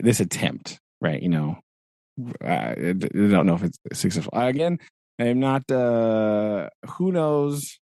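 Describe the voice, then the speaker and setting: A man's voice: deep voice, creaky, a little mellow, no room sound, studio quality. A man co-hosting a podcast in casual chat, rambling and correcting himself, with frequent chuckles. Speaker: podcast co-host.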